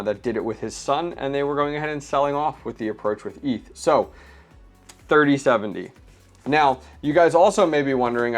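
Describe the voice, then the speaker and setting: A man hosting a casual unboxing vlog, chatting and explaining hardware step by step with frequent fillers. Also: medium pitch. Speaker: crypto mining channel host.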